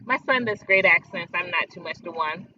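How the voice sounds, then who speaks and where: A woman's voice: fairly low pitch, fairly quick. A woman hosting a casual livestream from outdoors, chatty and emphatic, talking straight to her viewers. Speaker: livestream host. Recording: dull lo-fi outdoor audio with faint noise.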